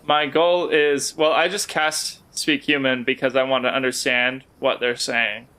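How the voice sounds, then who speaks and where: A man's voice: mid-range voice, little pitch movement, measured pace, bright, forceful tone, smooth. A man playing a tabletop game, eager and playful as he explains his moves. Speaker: player.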